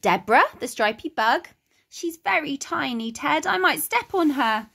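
A woman voicing a shy, nervous boy sock in a children's storybook, with a high childlike delivery. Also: lively intonation, a little slow, gravelly, fairly bright tone, heavily acted.

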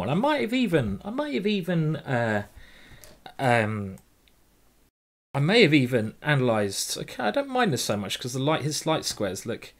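A man's voice: mid-range voice, a bit bright. Chatty English man thinking aloud. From England. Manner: chatty, jokey, thinks aloud over moves, swears casually. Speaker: chess grandmaster streamer. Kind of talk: live chess commentary.

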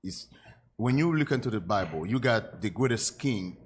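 A man's voice: on the low side, moderate pace, slight background noise. A man speaking as a deacon in a casual panel talk, telling stories and mock-quoting people. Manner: animated storytelling, mock-quotes people.

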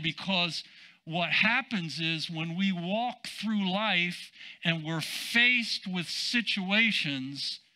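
A man's voice: high-pitched, pushed and bright. A man who is a senior pastor preaching a sermon, chatting with asides and then building to emphatic declarations.

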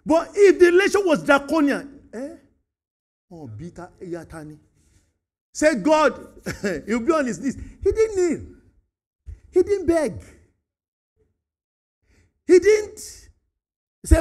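Animated Nigerian pastor, high lively voice. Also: male voice, slow, long pauses. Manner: animated, acts out dialogues, mixes in Pidgin and Yoruba. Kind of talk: sermon.

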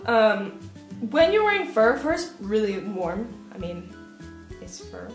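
A woman's voice: medium pitch, big pitch swings, takes it slowly. A woman co-hosting a casual vlog, chatting in a loose, self-deprecating way with filler ums. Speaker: vlogger co-host. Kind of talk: casual chat. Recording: roomy echo with faint music.

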